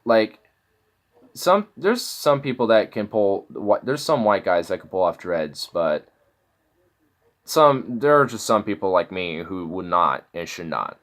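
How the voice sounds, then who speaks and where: A man's voice: deep voice, sing-song, unhurried, fairly bright tone. A man casually reacting to online videos, mocking and incredulous, swearing freely as he clicks through.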